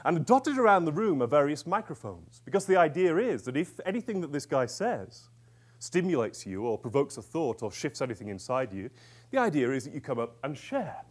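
Lively male coach talking to an audience. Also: a little high, brisk, husky. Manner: lively, conversational, checks in with "yeah?". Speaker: author and executive coach. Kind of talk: storytelling talk to a live audience.

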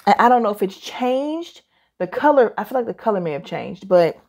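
A tired, chatty woman in her forties who talks fast and gives opinionated reviews in a casual vlog. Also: lowish voice, darkish tone. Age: 40s. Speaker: fragrance reviewer.

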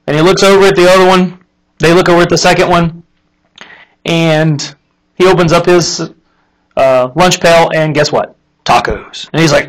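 A man hosting a casual faith talk, telling an illustration with lively acted-out characters and then drawing the lesson from it. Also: a little high, normal speed, long pauses, poor audio. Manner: animated storyteller, acts out the characters in the story. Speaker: host of a live Christian talk stream.

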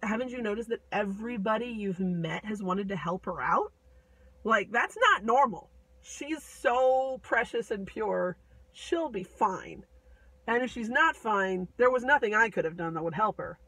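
A woman voicing a wise old woman who is calm and unbothered and speaks slowly and softly. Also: medium pitch, breathy edge, dry recording, distant mic, rough recording.

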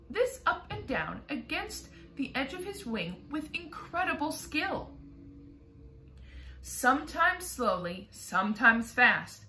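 Animated woman reading a chapter book aloud. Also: fairly high pitch. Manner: expressive, animated. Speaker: storybook reader. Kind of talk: storybook read-aloud. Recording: roomy echo.

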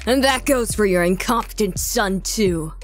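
A woman voicing a calm young male prince, cool, measured and formal. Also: mid-range voice, soft background music, natural voice. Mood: cold calm. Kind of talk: live manga reading with voices.

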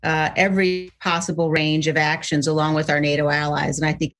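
A middle-aged woman, a politician in a television interview, answering in a measured way with frequent pauses and filler sounds. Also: low-pitched, flat delivery, fairly bright tone, soft background music.

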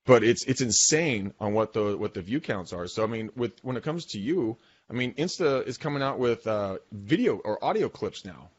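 A man co-hosting a podcast, talking in animated, emphatic casual business chat and swearing now and then. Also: mid-range voice, normal speed, slightly rough, dull audio. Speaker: podcast co-host.

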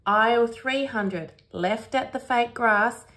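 A helpful male shop worker who rattles off directions briskly, as a woman reading aloud plays him. A quick cameo in a children's storybook. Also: fairly high pitch, sharp tone, pitched above the performer's own voice, full character voice.

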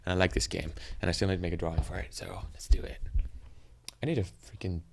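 A teenage boy giving rambling, excitable commentary while playing a video game. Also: low-pitched, quick pace, vocal fry, slight background noise. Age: teens. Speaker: gaming channel host. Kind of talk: gameplay commentary.

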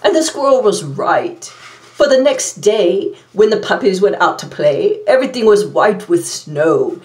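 A woman's voice: mid-range voice, very animated, measured pace, darkish tone. A woman playing a vain, glamorous villainess reading a storybook aloud in a campy, theatrical way. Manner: campy, self-admiring, theatrical. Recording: roomy, from a distance.

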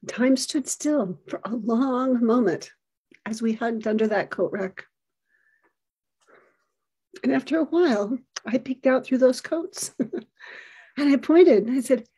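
A middle-aged woman giving an earnest, expressive storytelling talk, acting out the lines of the people in it. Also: a little high, takes it slowly, long pauses, breathy edge.

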